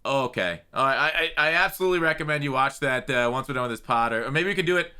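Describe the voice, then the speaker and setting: A man's voice: medium pitch, expressive, fast talker, pushed and bright, smooth. A man hosting a casual podcast, talking with many stumbling restarts. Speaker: podcast host.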